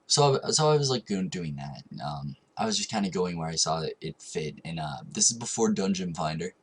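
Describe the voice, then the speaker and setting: A man's voice: sits low, expressive, moderate pace, slightly rough. A young man telling a long gaming story in a casual vlog, rambling with frequent ums and restarts. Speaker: vlogger.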